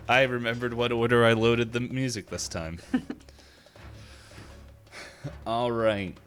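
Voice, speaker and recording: A man's voice: medium pitch, slow pace, pauses often, soft background music. A man running a tabletop horror game as game master, chatting casually with his players and laughing often. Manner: laughs often, relaxed and joking. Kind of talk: casual chat and game narration.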